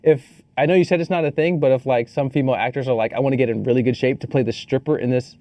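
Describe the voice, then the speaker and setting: A man co-hosting a podcast, giving a casual movie review, animated and swearing freely. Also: mid-range voice, no echo. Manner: animated, swears freely, quotes people in quick asides. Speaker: podcast co-host.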